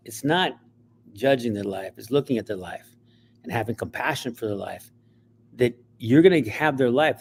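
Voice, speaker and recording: Animated storytelling man. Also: mid-range voice, slight background noise. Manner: animated, acts out voices, frequent restarts. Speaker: writer and actor, guest. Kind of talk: interview storytelling.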